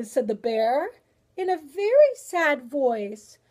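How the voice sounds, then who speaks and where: A woman educator reading a picture book aloud with lively expression, then chatting about it with fillers. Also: high-pitched, takes it slowly. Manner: animated storyteller, chatty with fillers afterward. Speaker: early-childhood educator.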